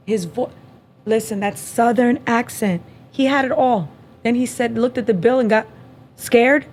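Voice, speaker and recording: A young woman with a slightly high voice hosts a podcast chat. She tells stories with animation, acting out both sides of the exchange. Her laughter often breaks into the telling. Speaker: podcast host. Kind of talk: casual chat.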